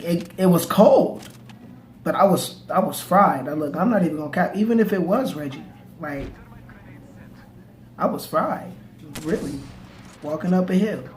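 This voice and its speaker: Young man, casual slangy storyteller, stammers and restarts, echoey room with faint background hum. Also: fairly high pitch.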